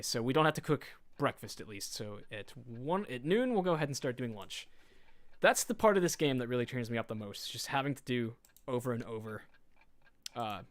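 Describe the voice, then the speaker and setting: A man's voice: mid-range voice, a bit bright. A man casually commenting while streaming a game, joking and reading in-game notes aloud.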